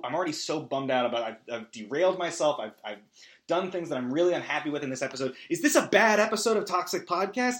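A man hosting a podcast, recapping a movie in a rambling, self-deprecating way with big animated swings. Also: on the high side. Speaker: podcast host.

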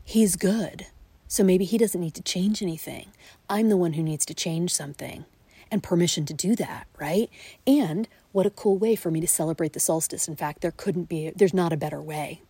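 Outdoors in a backyard at night, a late-forties podcast host talks on her own at normal speed in a fairly low, warm, breathy voice on a dry recording. Her reflective musings frequently drop to a whisper or break into laughter.

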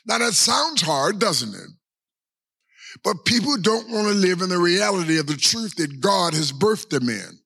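A male pastor preaching a sermon with a gravelly, husky edge to his voice. His tone is bright and somewhat high for a man. He stretches out his phrases and keeps turning to the congregation with rhetorical questions. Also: sing-song. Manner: preaching with long drawn-out pauses and repeated rhetorical questions.

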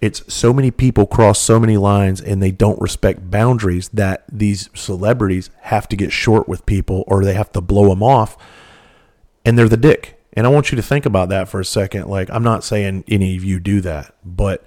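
A man's voice: fairly low pitch, steady tone, normal speed, darkish tone. A middle-aged man, hosting a podcast and telling a rambling, candid, profane story in casual monologue. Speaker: podcast host.

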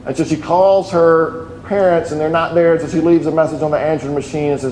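A man's voice: a little high, fairly even intonation, brisk, few pauses, darkish tone, slight background noise. A middle-aged man preaching a sermon, earnest and telling stories with many restarts. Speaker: pastor. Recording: echoey room with faint ambience.

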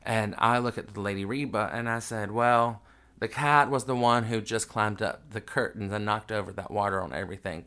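Low-voiced man telling a story. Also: brisk, a bit bright. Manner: raw, emotional, unedited, with frequent fillers. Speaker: podcast host. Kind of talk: casual storytelling monologue.

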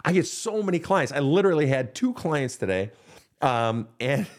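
A man's voice: fairly high pitch, very animated, moderate pace. A man hosting a counseling podcast, answering listener questions in a blunt, profane, direct manner. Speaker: counselor and show host.

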